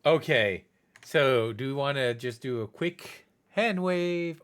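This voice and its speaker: A man's voice: medium pitch, animated, takes it slowly, a bit bright, smooth. A man running a tabletop game as game master, explaining rules and narrating scenes in a playful way.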